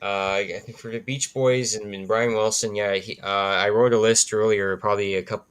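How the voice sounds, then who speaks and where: A man on a casual panel chat, pausing often and filling gaps with small hesitations. His voice is low and notably smooth and resonant. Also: fairly even intonation, fairly bright tone. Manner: hesitant, many filler sounds. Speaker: guest panelist.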